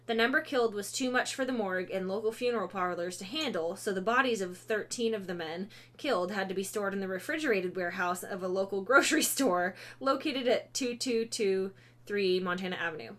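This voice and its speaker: A woman's voice: mid-range voice, a little fast, fairly bright tone. A woman hosting a casual podcast, reading ghost stories aloud with many fillers and self-corrections, breaking off to joke. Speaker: podcast host.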